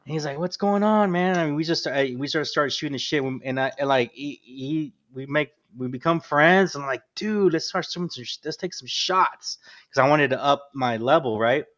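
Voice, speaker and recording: A man hosting a podcast, telling stories in casual chat, animated and swearing freely. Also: mid-range voice, normal speed. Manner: animated storyteller, swears freely, says dude a lot. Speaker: podcast host. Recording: dull lo-fi sound.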